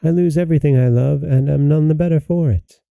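A man voicing a kind young princess in a storybook reading, speaking softly and pleadingly. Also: medium pitch, fairly quick, creaky, no echo, natural voice. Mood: grieving.

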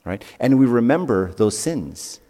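A man's voice: medium pitch, very animated, a little slow, warm tone, long reverb tail. A man giving a sermon as a youth speaker, telling stories in a conversational way and asking his audience questions.

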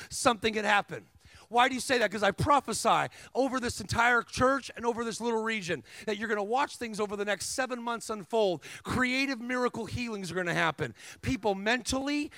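Man, guest preacher, high gravelly voice, bright and forceful, energetic, humorous, call-and-response. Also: dry recording. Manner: emphatic, rising to shouts at climaxes. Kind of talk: sermon.

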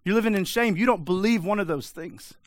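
A man's voice: high-pitched, a little fast. Man preaching, urgent and direct. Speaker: pastor. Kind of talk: sermon.

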